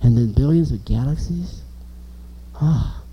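A man preaching an informal sermon, animated and emphatic, asking the listeners questions. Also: mid-range voice, a little slow, breathy edge, lo-fi sound.

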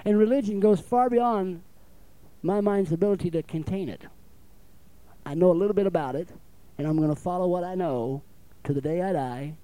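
A man's voice: high voice, moderate pace, pauses often, mellow, dry recording, rough recording. A man preaching a sermon in a folksy way, often calling out for an amen. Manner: folksy, calls for amens, acts out little dialogues.

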